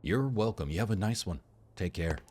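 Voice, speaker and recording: A man's voice: low-pitched, expressive, normal speed, darkish tone. A man playing a medical game and commenting as he goes, thinking aloud, reading symptoms off the screen and joking with the characters. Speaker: gameplay commentator. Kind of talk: let's play commentary.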